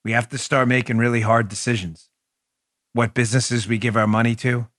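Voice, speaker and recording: A man's voice: mid-range voice, flat delivery, brisk, fairly bright tone, dry recording. Fired-up male podcast host, dry sound. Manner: fired up, emphatic, repeats words for stress. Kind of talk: political commentary monologue.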